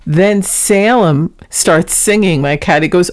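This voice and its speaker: A middle-aged woman speaks in a casual, chatty way as she hosts her own paranormal vlog. Her voice sits a little low, and she talks to viewers like she is sharing clips with friends. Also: slow. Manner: chatty, introduces recordings.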